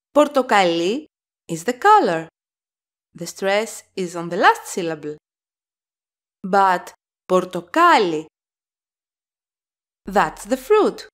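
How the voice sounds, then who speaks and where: A woman teaching a language lesson, speaking slowly and clearly and saying example words louder and drawn out. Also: medium pitch.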